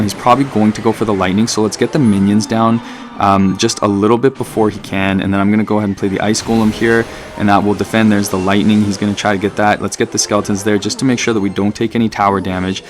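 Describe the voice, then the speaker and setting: A man giving casual, excitable live commentary over his own gameplay as a gaming channel host. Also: fairly low pitch, quick pace. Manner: casual, chatty, excitable, fillers and "dude".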